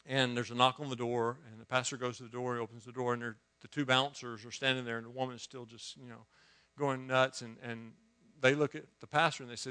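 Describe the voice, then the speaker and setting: A male preacher in full storytelling mode. He drops to quiet asides, then bursts out loud, and often stumbles over and repeats words as the story runs on. His voice sits at an ordinary mid pitch for a man. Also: steady tone, fast talker, few pauses. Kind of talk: storytelling sermon.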